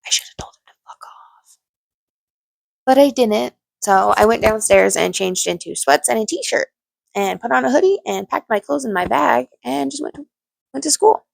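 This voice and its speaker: A woman's voice: fairly high pitch, lively intonation, normal speed, no echo. A young woman telling her own story to camera in a blunt, candid way, swearing freely and restarting her sentences. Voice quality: gravelly vocal fry. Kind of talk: personal storytime monologue.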